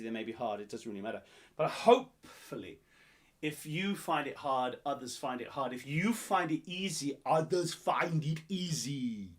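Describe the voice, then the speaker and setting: A man's voice: fairly high pitch, pushed and bright. A man hosting a live-streamed pub quiz, reading each question several times and chatting to viewers in between. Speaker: quiz host.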